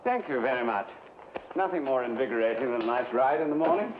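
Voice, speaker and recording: A man playing a pompous English gentleman crook. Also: medium pitch, expressive, fast talker, natural voice. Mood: courtly. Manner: pompous, polished and scheming. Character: genteel English gentleman outlaw mastermind, sly. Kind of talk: 1960s TV western comedy acting. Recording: dull old TV soundtrack with loud crowd and noise.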